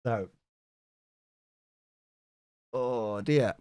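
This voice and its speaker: A man's voice: medium pitch, expressive, a little slow, darkish tone, dry recording. Guy streaming, cheeky and sweary, voice jumps all over, dry close sound. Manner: cheeky, swears, laughs a lot, reads chat aloud. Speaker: tarot reader streamer. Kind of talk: casual live-stream chat.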